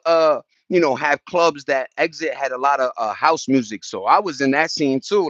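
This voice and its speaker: Animated New man telling stories. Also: moderate pace, few pauses, no echo, highs cut off. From New York. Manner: animated, slangy, jumps into high-pitched impressions and beatboxing. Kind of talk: casual storytelling chat.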